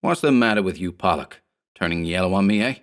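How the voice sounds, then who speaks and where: A slick, sneering gang boss firing off old gangster slang, harsh and scornful toward his men, as a man puts him on. Low-pitched and clipped, like an old pulp crime drama. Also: expressive, fast talker. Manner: 1930s gangster slang, snarling.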